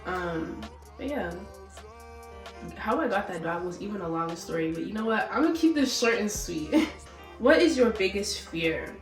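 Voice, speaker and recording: A young woman telling stories in a casual vlog, animated and profane, acting out both sides of arguments and sounding a little sick. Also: mid-range voice, moderate pace, far from the mic. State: sick, a bit out of breath. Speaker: vlogger. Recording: roomy echo, slightly off-mic, faint music.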